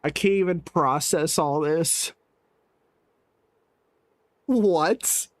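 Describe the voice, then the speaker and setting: Slow-talking, higher-voiced male streamer. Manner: animated, incredulous, laughs often. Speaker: live-stream gaming host. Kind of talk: casual live-stream chat.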